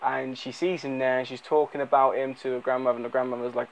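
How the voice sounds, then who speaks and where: A man's voice: mid-range voice, little pitch movement, quick pace, creaky, slight background noise, poor audio. A man giving an unscripted, rambling movie review, full of fillers and restarts.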